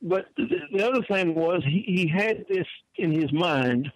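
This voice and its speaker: A man's voice: high voice, expressive, unhurried, no room sound, low-quality recording. An older man, telling wrestling stories in a folksy way and often repeating his words. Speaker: wrestling manager guest. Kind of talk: storytelling interview answer.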